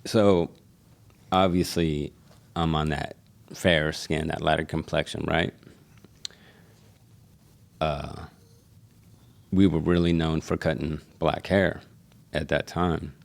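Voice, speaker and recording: A middle-aged man from Seattle, a barber and shop owner, telling animated stories in casual chat and swearing freely. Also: a bass voice, slow pace, gravelly, pauses often. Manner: animated storyteller who acts out quotes, swears freely. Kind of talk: casual storytelling.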